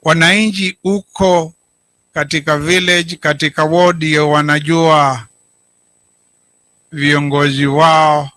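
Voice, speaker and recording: A middle-aged Kenyan man, a county governor, giving a deliberate public speech and stressing his key words. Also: a little high, sharp tone, dry recording. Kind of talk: public speech, code-switching.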